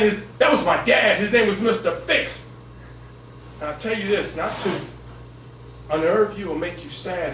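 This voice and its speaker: Performing spoken word at a cafe gallery open mic, a man with a bright-edged baritone leans on a recurring refrain to drive his rhythm. He's captured far from the microphone in an echoey room, where a faint hum lingers.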